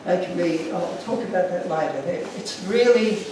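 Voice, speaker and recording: Man giving a talk, earnest and emotional, high-pitched, recorded from afar in a reverberant room. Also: moderate pace, noisy background. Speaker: speaker. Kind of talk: illustrated talk to an audience. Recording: echoey room from far off.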